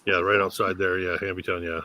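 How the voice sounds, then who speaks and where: A man chatting casually on a video call, relaxed and rambling, with some swearing. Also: low voice, fairly quick. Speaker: tasting participant.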